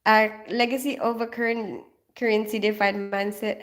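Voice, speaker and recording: On a livestream, a Filipina host reads the chat, laughing and greeting viewers by name in casual conversation. Her voice is mid-range, her delivery flat, and her pace moderate.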